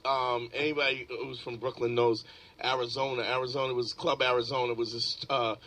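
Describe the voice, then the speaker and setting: A man's voice: medium pitch, a little fast, poor audio. A man telling stories in casual chat, acting out the people in them and laughing as he goes. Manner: animated storyteller, acts out quotes with laughter.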